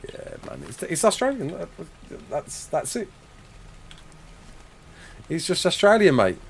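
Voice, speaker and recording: A young English man on a live game stream, bouncing through viewer comments in easy banter. His pitch jumps up and down a lot. He talks into a desk mic. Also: wildly swooping pitch, slight background noise. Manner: chatty, reads viewer comments aloud and answers them, quick laughs. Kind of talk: casual live-stream chat while gaming. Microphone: desk mic with face cam.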